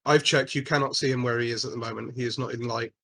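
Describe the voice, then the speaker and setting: A man's voice: medium pitch, steady tone, fast talker, gravelly, pushed and bright, a little hiss or hum. Patient man running a tabletop game. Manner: patient rules explanations with frequent restarts. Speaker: game master.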